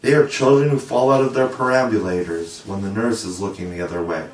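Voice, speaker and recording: A man voicing a cocky, self-assured young boy in a brisk, boyish manner. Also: lowish voice, distant mic, close to an everyday voice. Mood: matter-of-fact. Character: cocky boastful boy Peter Pan. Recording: roomy echo, voice set back from the mic.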